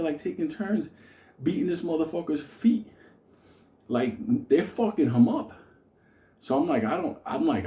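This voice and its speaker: A man's voice: a little high, animated, normal speed, long pauses, dark tone, roomy sound. A middle-aged man telling a wild story in a rambling, heavily profane way, often laughing as he goes. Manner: rambling, heavy swearing, laughs through the telling. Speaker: storyteller host.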